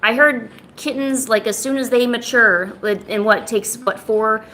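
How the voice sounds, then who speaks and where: A woman's voice: on the high side, a little slow, sharp tone, a little hiss or hum. A woman chatting casually on an art livestream, playfully scolding her cat in a mock-stern voice.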